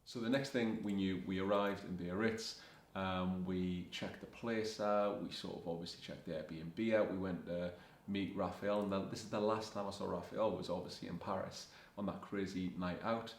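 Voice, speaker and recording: A young man rambles through a travel story in a low, level voice with little rise and fall. He is a fashion vlogger, chatting casually and quoting what people said. The room around him rings with echo. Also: fairly even intonation, moderate pace. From Scotland. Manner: rambling anecdotes, quoting himself and others. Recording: echoey room.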